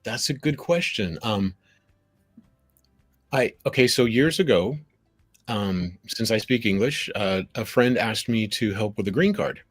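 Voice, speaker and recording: A man speaking as a guest on a live stream, telling anecdotes in an animated way and acting out little quoted lines. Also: lowish voice, unhurried, no room sound. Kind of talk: conversational live stream chat.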